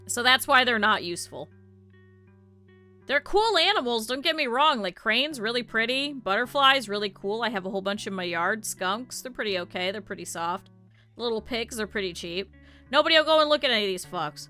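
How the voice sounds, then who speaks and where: A woman streamer chatting casually to her live chat, blunt and swearing freely, with lively quoted asides. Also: on the high side, brisk, faint music behind.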